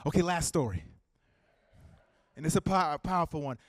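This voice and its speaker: A man with a high voice delivers an impassioned rally speech in a dry, close sound. He stacks rhythmic repeated phrases. He moves between ringing calls and quiet, intimate storytelling. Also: expressive, normal speed, no echo. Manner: rhythmic repetition, swinging from loud calls to hushed storytelling. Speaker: political speaker. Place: community center hall.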